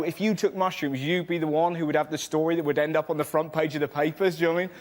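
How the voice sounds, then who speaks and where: A man's voice: fairly high pitch, steady tone, background noise. A man telling a chatty comic anecdote on a panel show. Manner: rapid, chatty storytelling. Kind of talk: stand-up anecdote.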